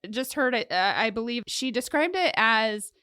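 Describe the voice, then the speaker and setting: Here is a woman co-host with a fairly high voice, talking loose and chatty and full of fillers and little jokes. The sound is dry and close, with no room around it. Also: animated, normal speed, sharp tone, smooth, no room sound. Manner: joking, chatty, lots of "like" fillers. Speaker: podcast co-host telling the case. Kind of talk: casual true-crime chat.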